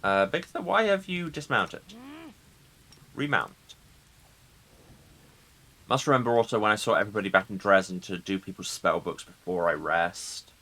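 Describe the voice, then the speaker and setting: A man's voice: low-pitched, fairly even intonation, fast, few pauses, pushed and bright. A man streaming a game, reading its text aloud with casual joking asides. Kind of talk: let's play with narration read aloud.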